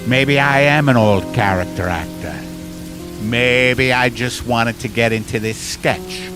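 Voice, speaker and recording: A man's voice: medium pitch, takes it slowly, music in the background, close to an everyday voice. A man putting on an old-timey nineteen-thirties movie cop in an improvised comedy sketch, calling people sonny boy. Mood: needling.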